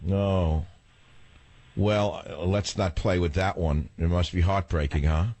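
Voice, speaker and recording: A man's voice: deep voice, fairly even intonation, slow pace, darkish tone, no echo. An older man hosting a talk radio show, theatrical and wisecracking, chatting with callers and musing on air. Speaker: radio host. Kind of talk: talk radio chat and monologue.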